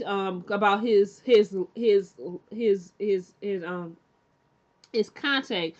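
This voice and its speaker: Woman rambling thru a tv recap, lots of fillers, middle pitch, kinda muffled lo-fi audio. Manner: rambling, many fillers and restarts; chatty and candid, acts out characters' lines. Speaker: TV show recap reviewer. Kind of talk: casual recap chat.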